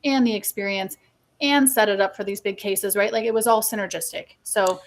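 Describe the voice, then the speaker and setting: A woman's voice: mid-range voice, fairly quick. A woman dentist who is a guest in an interview, talking candidly and in a conversational way. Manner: candid, conversational, uses fillers like "you know". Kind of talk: casual interview chat.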